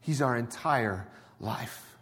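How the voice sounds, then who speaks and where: A man's voice: mid-range voice, animated, takes it slowly, slightly rough. Man preaching in a reverberant hall. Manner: conversational preaching, swinging from quiet to emphatic. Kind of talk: sermon.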